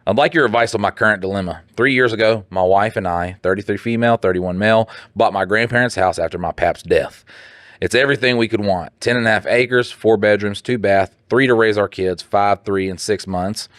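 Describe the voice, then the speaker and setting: A man co-hosting a podcast, reading listener posts aloud and riffing on them with profane, animated jokes. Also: brisk, no echo, clean studio sound. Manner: animated, joking, breaks into laughter, jumps up in pitch for mock voices. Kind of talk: casual profane banter.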